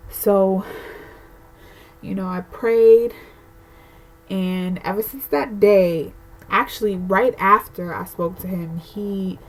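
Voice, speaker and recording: A woman's voice: mid-range voice, darkish tone, a little hiss or hum, poor audio. A pregnant young woman vlogging a candid, emotional rant to camera, rambling with lots of fillers. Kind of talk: casual personal rant to camera.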